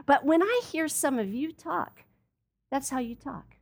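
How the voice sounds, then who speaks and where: A woman's voice: high-pitched, expressive, a little slow, fairly bright tone. A woman preaching a sermon in an earnest, emphatic way, speaking straight to her listeners. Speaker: Bible teacher.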